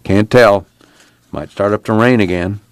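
A man's voice: on the low side, a little slow, clear, resonant tone, dry recording. Man doing a weary farming father.

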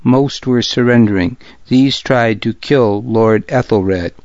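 A man's voice: mid-range voice, slow pace, a little mellow, dry recording. A grim warrior from an audiobook gives a grave, matter-of-fact report, as a male narrator reads him. The sound is muffled and dull, and dry. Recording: dull, muffled close recording.

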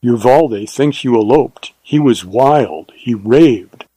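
A man reading an audiobook, voicing a devoted frontier ranger in a quiet, earnest, steady way. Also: mid-range voice, slow pace, husky, no room sound.

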